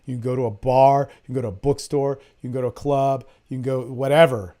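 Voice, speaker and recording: A man hosting a podcast, coaching listeners on dating in a blunt, profane way, swinging between loud emphasis and low murmurs. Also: quick pace. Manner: animated, acts out his own lines in a hushed voice. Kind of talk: casual coaching talk.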